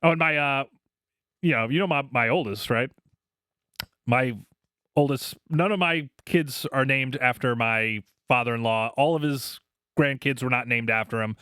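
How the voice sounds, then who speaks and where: A man's voice: medium pitch, moderate pace, sharp tone, smooth, no room sound, studio quality. A middle-aged man co-hosting a podcast, telling crude stories in casual chat and laughing often. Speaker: podcast co-host.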